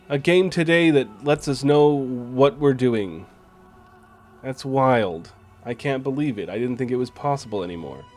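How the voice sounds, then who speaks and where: A man's voice: mid-range voice, darkish tone. A man streaming a game, commenting casually, swearing freely and reading on-screen text aloud.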